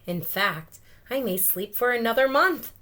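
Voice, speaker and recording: A woman reading a storybook aloud, voicing a playful male mascot creature with an eager, excited manner. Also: fairly high pitch, a little slow, pitched above the performer's own voice. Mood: sleepy excuse. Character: playful male green mascot creature, fun-loving and sleepy.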